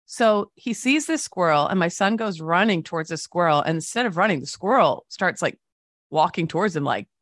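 A woman co-hosting a casual talk show, telling stories and reading news with lively voiced quotes. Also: fairly low pitch, moderate pace, no echo, clean studio sound. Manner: animated storytelling with voiced quotes. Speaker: co-host.

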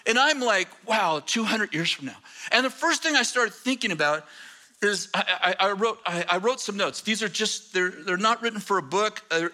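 A man preaching a sermon, telling a personal story in an animated, self-deprecating way with many halting restarts. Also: high-pitched. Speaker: pastor.

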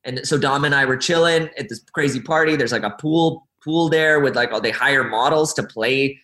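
A young man, an actor and guest, telling stories in a lively, animated way in a casual interview and laughing often. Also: medium pitch, moderate pace, roomy sound, poor audio.

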